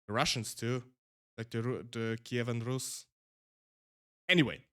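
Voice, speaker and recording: A man's voice: medium pitch, measured pace, fairly bright tone, clean tone, dry recording, clean studio sound. A male streamer with a German accent chatting casually, rambling with frequent restarts and laughs.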